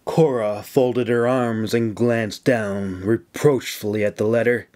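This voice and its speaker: A man narrating an audiobook in a measured, unhurried way. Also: fairly low pitch, steady tone, a little mellow. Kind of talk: scripted narration.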